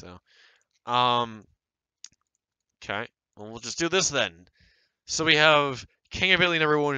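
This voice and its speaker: A young man giving rambling, sarcastic commentary on online game groups, getting animated as he mocks them. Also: mid-range voice, clear, resonant tone, no room sound, rough recording. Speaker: video creator reviewing online game groups. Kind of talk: casual screen-recorded commentary.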